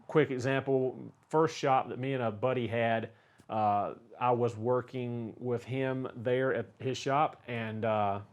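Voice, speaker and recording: Southern man, folksy rambling mechanic. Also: medium pitch. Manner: folksy, rambling, frequent "uh" fillers. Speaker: car mechanic answering viewer questions. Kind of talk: casual Q&A talk.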